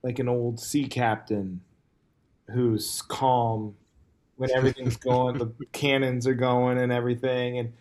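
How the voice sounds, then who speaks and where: A man's voice: mid-range voice, level tone, a little slow, darkish tone, a little hiss or hum. A man hosting a casual comedy podcast, rambling and joking with lots of fillers. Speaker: podcast host.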